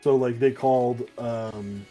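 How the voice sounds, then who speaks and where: A man talks through a comic issue in a loose, rambling way, swearing often and slipping into the characters' lines. His voice is mellow and dark, at a middle pitch. Faint music plays in the background. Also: steady tone, dull audio. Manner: rambling, profane, acts out characters in quick asides. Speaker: podcast co-host. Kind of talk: casual comic book review chat.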